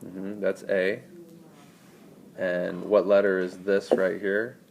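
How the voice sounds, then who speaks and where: A man's voice: deep voice, flat delivery, slow pace, vocal fry, a little mellow. A man tutoring math in a screencast lesson, walking students through each step and quizzing them as he goes.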